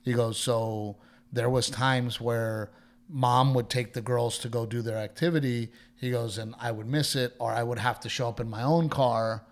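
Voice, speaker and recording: Brief: man, comedian, animated storyteller, mid-pitched voice, quotes people in character. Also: normal speed. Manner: animated storyteller who quotes others in their voices, swears. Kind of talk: casual chat, storytelling.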